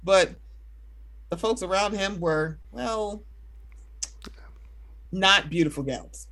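A woman's voice: mid-range voice, slow pace, a bit bright. A woman hosting a casual podcast, playful and laughing, swearing freely and slipping into silly voices. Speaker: podcast host.

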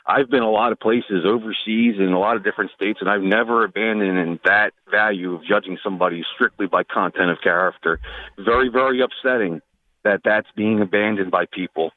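A man's voice: lowish voice, brisk. Earnest male caller on a tinny phone line. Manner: earnest, with filler words. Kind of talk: call-in on talk radio.

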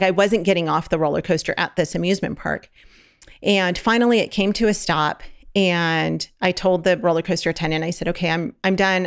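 A middle-aged woman with a fairly low voice recounts a story in relaxed conversation. She talks animatedly and slips into the voices of the people in her tale as she goes. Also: gravelly. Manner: animated, acts out quoted voices. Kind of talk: casual storytelling chat.

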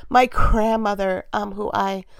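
A woman's voice: medium pitch, fairly even intonation, measured pace, gravelly, smooth, no room sound. A woman in her thirties hosting her own podcast, talking candidly and casually, often breaking into laughs. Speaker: podcast host. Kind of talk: casual solo podcast talk.

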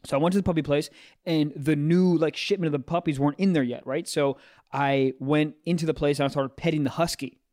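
A young man in casual chat, telling a profane, animated story. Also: on the high side, a little fast.

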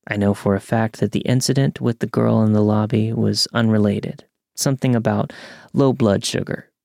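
Gravelly low-voiced male story narrator. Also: dry recording. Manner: calm, measured storytelling. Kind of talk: scripted narration of a true scary story.

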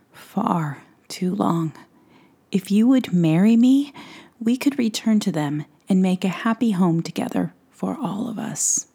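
A woman voicing a kind, courteous widowed woodsman in a soft whispered role-play. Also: on the low side, vocal fry, breathy edge, exaggerated voice. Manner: gentle, courteous, earnest. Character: kind widowed woodsman, gentle middle-aged man.

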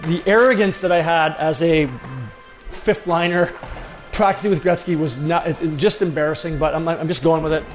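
Self-deprecating male storyteller, slightly high voice. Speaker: former pro hockey player telling a story. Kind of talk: personal anecdote storytelling.

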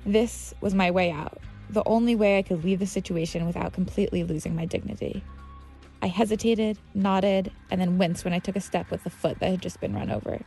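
Gravelly New woman telling a story. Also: mid-range voice, fairly even intonation, fairly quick, mellow, faint music behind. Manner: vivid, dramatic delivery with acted dialogue. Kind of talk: reading a personal essay.

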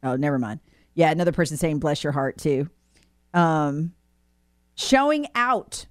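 A woman's voice: low voice, animated, unhurried, no room sound, studio quality. A woman co-hosting a radio talk show, chatting playfully and reading listener texts aloud. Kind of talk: casual radio chat.

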